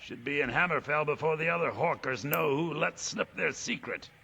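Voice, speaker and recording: A man's voice: fairly high pitch, normal speed, vocal fry, bright, forceful tone, slight background noise. An actor playing a boastful, sly male pirate captain in a video game, with a put-on old-time pirate accent and a theatrical drawl. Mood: swaggering.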